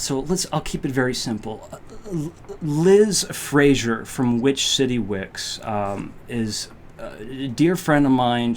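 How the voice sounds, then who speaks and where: A man hosting a live-stream unboxing, talking in a rambling, halting way with many fillers and growing emotional. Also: mid-range voice, a little hiss or hum. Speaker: candle channel host.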